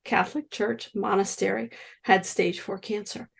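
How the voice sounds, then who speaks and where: Gravelly woman in her sixties telling stories. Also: medium pitch, moderate pace. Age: 60s. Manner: animated, acts out quoted voices. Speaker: guest healer. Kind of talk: storytelling in an interview.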